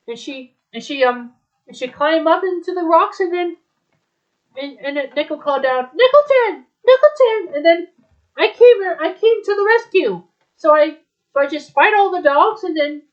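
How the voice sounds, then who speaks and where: A woman retelling a story aloud in a rambling, halting way, with many restarts. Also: high voice. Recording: dull lo-fi recording.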